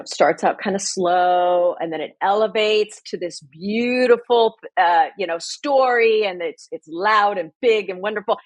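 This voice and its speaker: A woman's voice: fairly low pitch, dry recording. A woman co-hosting a podcast in casual chat, effusive and chatty, often restarting her sentences. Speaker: podcast co-host.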